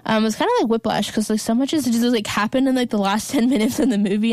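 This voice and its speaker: A woman's voice: fairly high pitch, quick pace, few pauses, darkish tone, dry recording. A young woman hosting a casual recap podcast, chatting loosely with lots of "like" fillers. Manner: chatty, heavy use of "like" fillers. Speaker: podcast host.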